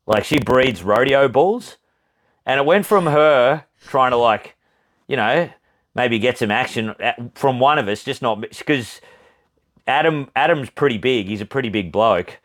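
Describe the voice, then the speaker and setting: A man's voice: on the low side, normal speed, a bit bright. A young Australian man co-hosting a podcast, telling a long rambling story in casual chat, swearing freely and laughing often. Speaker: podcast co-host.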